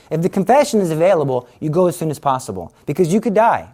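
A man's voice: on the high side, big pitch swings, fast talker, warm tone. A man giving a casual Catholic teaching talk, explaining confession in a conversational, earnest way and acting out everyday scenes. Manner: conversational, acts out everyday scenes in quoted voices; earnest, urging.

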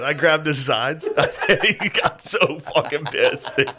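A man's voice: medium pitch, moderate pace. A young man hosting a casual chat, telling family stories with lots of swearing and frequent laughter. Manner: animated storytelling, profane, laughs often. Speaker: podcast co-host.

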